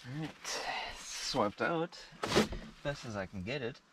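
A man's voice: medium pitch, lively intonation, slow pace. Man, casual vlogger, rambling, self-deprecating, camera mic, faint background hiss. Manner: rambling, self-deprecating, talks to viewers while doing chores and hiking. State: out of breath on the climb. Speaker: van life vlogger. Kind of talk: casual vlog commentary. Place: in and around a van, then on a wooded hiking trail outdoors.

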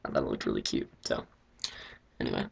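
A teenage girl vlogs from her bedroom in a casual diary style, talking quickly and rambling with plenty of fillers. There's background noise behind her voice.

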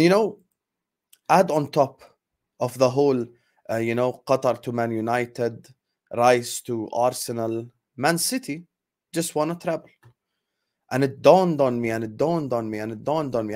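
A young man venting as host of a football fan channel, angry and emphatic, hammering the same lines again and again. His voice sits at an ordinary middle pitch for a man. He swings between loud bursts and quieter, simmering stretches. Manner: angry, repetitive, emphatic outbursts. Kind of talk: heated fan rant.

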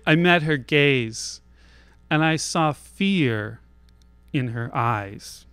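Man, live stage storytelling, wry, self-deprecating, slow unhurried delivery, smooth clean voice. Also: on the high side, lively intonation, a bit bright, dry recording. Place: theater stage, live show.

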